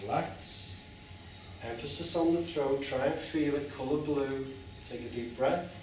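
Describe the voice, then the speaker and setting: A man leads a live group through a guided chakra meditation, talking in slow, soothing instructions and drawing out long chanted tones. He is picked up from far off in a large, very echoey room. A faint hiss of noise sits under his voice. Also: mid-range voice. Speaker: meditation teacher.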